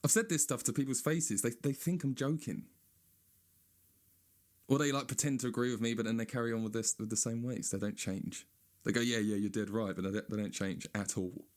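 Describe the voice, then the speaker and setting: A man doing a sweary, sarcastic stand-up rant, now and then mocking people in a high whiny voice. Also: brisk. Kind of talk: ranting stand-up monologue.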